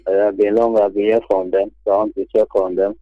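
A man with a Nigerian accent calling in to a radio show, speaking haltingly with many pauses and bits of pidgin. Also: on the low side, flat delivery, no room sound. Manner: halting, hesitant, mixes in pidgin. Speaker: caller. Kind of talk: casual phone-in chat. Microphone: telephone. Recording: dull dry phone line.

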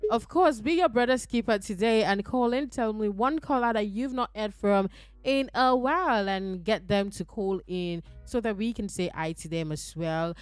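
A woman with a Nigerian accent hosting a radio call-in show from the studio, lively and coaxing, urging listeners to call in. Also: medium pitch, normal speed, clear, resonant tone, no room sound, soft background music. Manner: lively, coaxing, laughs between lines. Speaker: radio host. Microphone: studio mic.

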